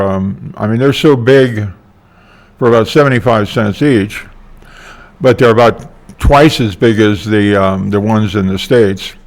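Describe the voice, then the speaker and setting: An older man talking in a casual vlog monologue, meandering and hesitant with many fillers. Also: on the low side. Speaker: vlogger.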